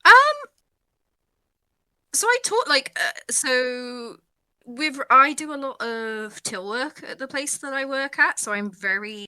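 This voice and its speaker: Giggly British woman, bright and dry. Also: high-pitched, animated, slow pace, clear, resonant tone, no echo. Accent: British English. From Britain. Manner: chatty, self-deprecating, laughs often. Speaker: guest streamer. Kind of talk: casual interview chat.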